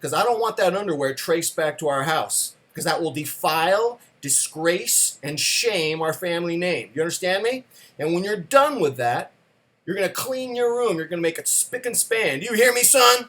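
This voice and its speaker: A man's voice: high voice, expressive, moderate pace, bright, forceful tone, pitched above the performer's own voice. A man voicing his stern military father, scolding his son in a barking, sarcastic drill-sergeant lecture. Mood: stern lecturing.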